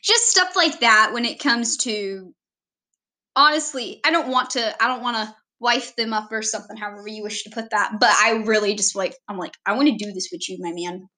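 A woman's voice: on the high side, moderate pace, sharp tone. A young woman casually introducing herself on her channel, rambling and giggling at herself. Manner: rambling, giggly, self-deprecating.

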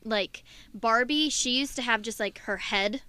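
A woman with a bright, crisp voice, chatting casually as a show guest. She talks in an upbeat way, with many fillers and restarts. The sound is close and dry. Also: on the high side, unhurried, no room sound. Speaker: voice actress guest. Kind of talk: casual chat.

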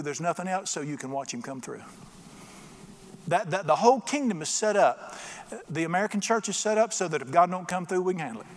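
A middle-aged man preaching a sermon as pastor, folksy and storytelling, acting out little voices in his jokes. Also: high voice. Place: church sanctuary. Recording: long church reverb.

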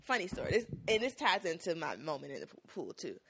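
A woman's voice: lowish voice, quick pace, creaky, a little hiss or hum. A young woman from South Miami telling stories in casual chat, acting out the voices of people she quotes. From South Miami, Florida. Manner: animated, acts out quoted voices.

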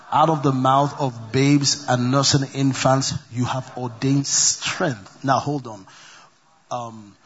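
Husky man preaching a sermon. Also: medium pitch, muffled recording. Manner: call-and-response preaching, repeats scripture references. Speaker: pastor.

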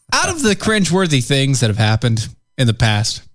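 A man's voice: medium pitch, huge pitch swings, moderate pace. A man co-hosting a podcast, chatting casually with a wry, mocking, teasing manner. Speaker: podcast co-host. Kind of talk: casual political banter.

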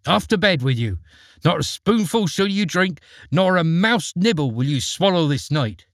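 A man doing a shrill, scolding peasant mother. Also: expressive, no room sound, studio quality. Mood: furious. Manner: scolding, rapid outbursts.

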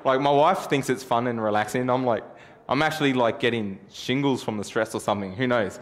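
A man's voice: medium pitch, brisk, a little hiss or hum. A man preaching a sermon through a self-deprecating personal story, chatty and joking.

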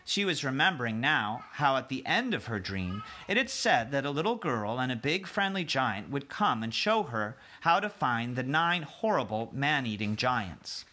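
A man, a teacher, reading a chapter book aloud to his class and pausing to explain hard words for children. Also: medium pitch, big pitch swings, sharp tone.

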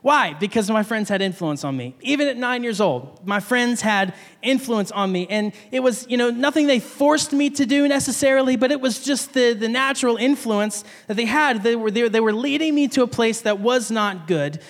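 A man with a high voice preaching a sermon in a church hall. He tells his story in an animated way and laughs often. The long reverb of the hall trails after his words. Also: normal speed, hardly any pauses.

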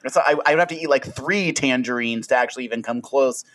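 A man's voice: medium pitch, fast, fairly bright tone. A man co-hosting a casual podcast, joking and giggly. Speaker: podcast co-host.

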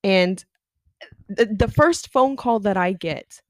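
A woman's voice: medium pitch, takes it slowly, no room sound, clean studio sound. A young woman co-hosting a casual chat, telling work stories with lots of laughter and swearing. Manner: animated storytelling, laughs often, swears. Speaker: podcast co-host.

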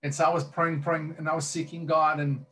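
A man's voice: a little high, flat delivery, a little fast, fairly bright tone, faint music behind. A man who is a minister, earnestly telling a personal testimony in conversation, rambling with many fillers and restarts.

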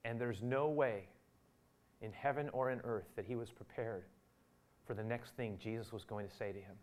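A male pastor preaching a sermon, acting out the dialogue he quotes and rising from quiet to loud. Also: on the low side, moderate pace.

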